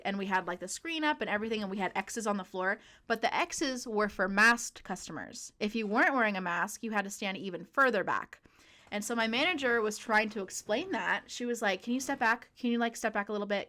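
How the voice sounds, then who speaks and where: A young woman chatting casually on a podcast, telling a workplace story in an animated way, laughing often. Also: medium pitch. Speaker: podcast co-host.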